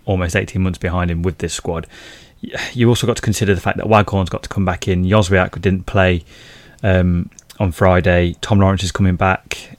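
Deep-voiced man giving football punditry. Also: no echo. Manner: conversational, with frequent fillers and restarts. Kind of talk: casual football podcast chat.

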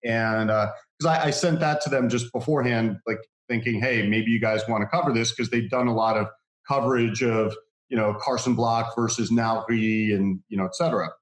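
A man casually telling a long anecdote, animated, laughing often and acting out what others said. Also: mid-range voice, moderate pace, roomy sound. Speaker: guest telling a story.

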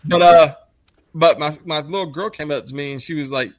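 A man in his thirties telling stories in casual chat, animated and swearing a lot, acting out quoted lines. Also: a little high, a little fast, dry recording.

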